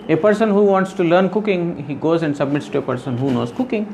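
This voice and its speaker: A man's voice: fairly high pitch, fast, darkish tone, slight background noise. A man giving a devotional scripture lecture, explaining earnestly and repeating phrases with frequent "you know". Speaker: spiritual teacher.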